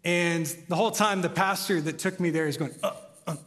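Here a young pastor from the US talks in a high-sitting, fairly bright voice at a fairly quick clip. What begins as relaxed conversation climbs toward passionate emphasis, captured with long hall reverb.

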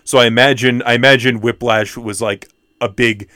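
A man's voice: medium pitch, fairly even intonation, normal speed, bright, forceful tone, clear, resonant tone, no echo. A man co-hosting a movie podcast, talking casually with jokes and self-mockery. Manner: joking, self-mocking, trails off. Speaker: podcast co-host. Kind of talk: casual chat.

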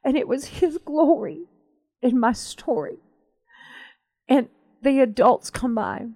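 A woman co-hosting a Christian talk show, telling a story in an animated, emphatic way. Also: high voice, slow. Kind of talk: conversational faith talk.

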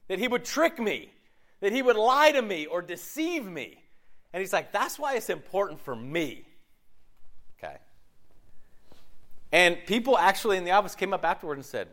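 Animated high-voiced man preaching. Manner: animated, laughing often, acts out voices. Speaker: pastor. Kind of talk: sermon with group discussion.

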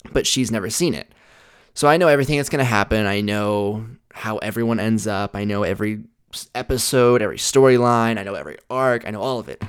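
A man's voice: lowish voice, clear, resonant tone, dry recording, clean studio sound. A young man hosting a podcast, telling rambling, self-deprecating stories in a blunt, casual way. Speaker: podcast host. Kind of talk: casual storytelling monologue.

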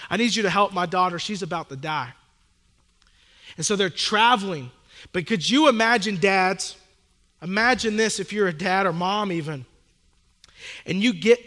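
A pastor preaching a sermon, reading scripture slowly and then retelling it in casual, earnest modern talk, repeating key phrases for emphasis. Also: male voice, high voice, a bit bright, long reverb tail. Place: church hall.

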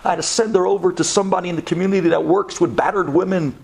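A man's voice: sits high, fairly even intonation, racing, gravelly, a little mellow, slightly rough. A man, a rabbi, telling a story dramatically and acting out the people in it. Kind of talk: storytelling talk.

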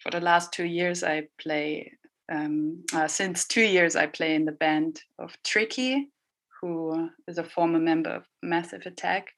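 A woman cellist introducing herself in an interview, unhurried and pausing to find her words. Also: lowish voice, fairly even intonation, fairly bright tone. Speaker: cellist guest. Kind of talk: casual interview answers.

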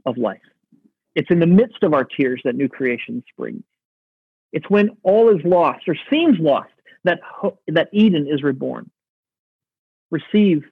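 A man's voice: a little high, breathy edge, dry recording. Man preaching through a phone-thin line. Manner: earnest, reflective, slows for emphasis. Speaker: pastor. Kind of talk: sermon. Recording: dry, phone-like narrow sound.

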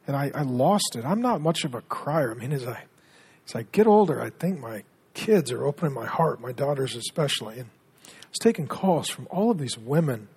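Husky middle-aged male pastor; earnest sermon delivery with hushed storytelling. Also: mid-range voice. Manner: earnest, drops to a hushed tone when telling stories.

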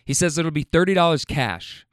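Male storyteller, casual and rambling, smooth resonant voice, swears freely. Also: a little high, animated, moderate pace, dry recording, clean studio sound. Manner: rambling with fillers, stammers and swearing.

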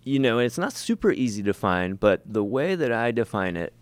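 A man's voice: medium pitch, sing-song, moderate pace. A man, a mime performer and teacher, chatting as an interview guest in a rambling, self-mocking way with many restarts. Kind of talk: casual interview chat.

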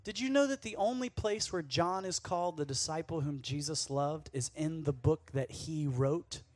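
A man giving a casual, conversational sermon at a youth camp, playful and quick to act out the lines he quotes. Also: a little high, darkish tone, no room sound.

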